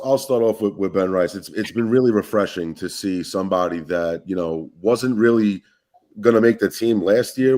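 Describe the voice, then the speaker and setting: Brooklyn accent guy, kinda low voice, guest on a stream, stops and restarts a lot. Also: a little mellow. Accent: Brooklyn New York. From Brooklyn, New York. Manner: halting, restarts his words. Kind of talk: casual live-stream chat.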